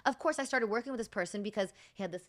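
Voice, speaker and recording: A woman's voice: medium pitch, very fast, fairly bright tone. A woman from California with a Californian accent, hosting a podcast, chatting casually, peppering her talk with "like" and laughing often. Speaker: podcast host. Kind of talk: casual chat.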